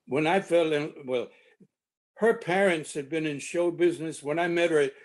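A man in his seventies recalling a backstory in halting, rambling fashion over a video call. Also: a little high. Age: 70s. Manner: halting, rambling recollection with many restarts. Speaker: original cast member at a reunion. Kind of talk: reminiscing on a video panel.

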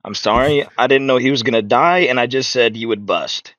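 A young man live-streaming a video game, excitable and profane, chatting to viewers and laughing a lot. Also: medium pitch, brisk, highs cut off, soft background music. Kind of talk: live gaming commentary.

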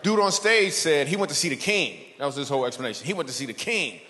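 A man performing a stand-up comedy set, telling animated stories and acting out characters. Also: on the high side, fast. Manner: animated storytelling, acts out characters. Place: church hall with a live audience. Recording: long hall reverb, audience noise.

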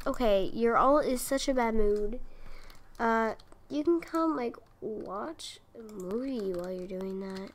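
Young woman, higher voice, unhurried delivery, exasperated gameplay commentary over clicking keys. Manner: exasperated, talks to the game characters. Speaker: gaming video creator.

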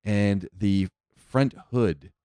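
Man, podcast host, very low voice, dry close sound, chatty storyteller. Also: drawn-out words, mellow, no echo. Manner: chatty, storytelling, laughs often. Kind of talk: casual chat.

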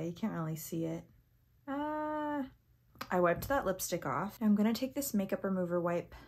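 A young woman reviewing makeup on camera, chatty and easily excited, sometimes reading product text aloud and tripping over words. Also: lowish voice, gravelly, husky. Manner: chatty and excitable, gasping at swatches. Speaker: beauty vlogger. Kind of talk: casual first-impressions makeup review.

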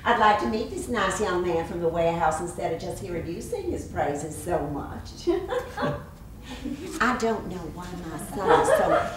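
A woman's voice: fairly low pitch, big pitch swings, normal speed, hardly any pauses. An actress playing a middle-aged Southern mother, a faded belle who chatters and flirts with little laughs, in a stage play. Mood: gushing. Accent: American Southern. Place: theater stage. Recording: roomy stage audio from far off with hiss.

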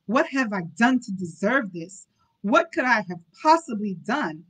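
A woman's voice: a little high, big pitch swings, a little slow, fairly bright tone, breathy edge, exaggerated voice, poor audio. Storybook villain father: a contemptuous, roaring duke, read by a woman. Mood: furious disgust. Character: cruel, bellowing aristocratic duke, a father.

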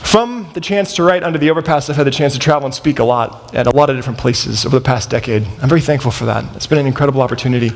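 Thirties male chapel speaker, storytelling sermon, lively delivery, long chapel-hall reverb. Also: mid-range voice, racing, gravelly, hardly any pauses. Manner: animated, acts out the dialogue in his stories. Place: large college chapel.

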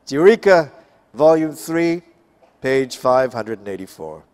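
A man from Canada giving an expository Bible talk, slow and emphatic, rising and falling for effect. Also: medium pitch, very animated, darkish tone. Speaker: Bible class speaker.

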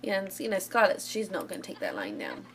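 A woman's voice: mid-range voice, wildly swooping pitch, fast talker. Chatty woman narrating a game. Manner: chatty, giggly, cheering on the game. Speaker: gaming channel host. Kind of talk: casual let's play commentary. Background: game music.

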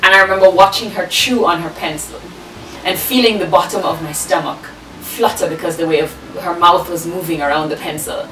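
A woman's voice: fairly low pitch, fairly even intonation, a little fast, roomy sound, distant mic, noisy background. A woman telling her life story in an interview, frank and emphatic, swearing freely, with lyrical phrasing. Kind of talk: candid personal storytelling.

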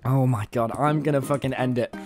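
A young British man hosting a live gaming stream, chatting casually in a rambling, excitable and sweary way. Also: mid-range voice, a little fast, background noise. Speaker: livestream host.

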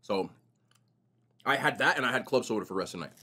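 A young man vlogging casually while eating, telling stories in a slangy, animated way. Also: mid-range voice, fast talker, a little hiss or hum. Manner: animated, slangy storytelling, says bro a lot. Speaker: mukbang vlogger.

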